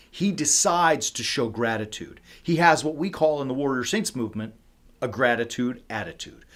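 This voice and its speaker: A man leading a casual devotional livestream talk, animated and conversational, full of fillers, swinging between loud emphasis and soft, quiet moments. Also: medium pitch. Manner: animated and conversational, with many fillers like "like" and "you know". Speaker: ministry leader.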